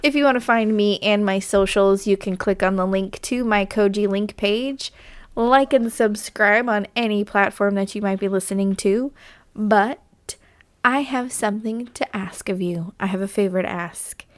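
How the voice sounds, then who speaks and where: A woman's voice: mid-range voice, measured pace. Woman with a scratchy allergy voice. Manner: rambling, chatty, with many fillers. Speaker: podcast host. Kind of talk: casual solo podcast chat.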